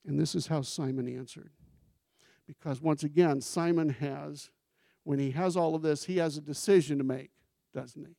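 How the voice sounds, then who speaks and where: A man preaching a sermon with a somewhat high voice. He talks in a conversational way, turns questions to the congregation, and leans into scripture quotes. The sound is dry and close. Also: moderate pace, gravelly, mellow, dry recording. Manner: acts out scripture quotes with emphasis. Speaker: pastor.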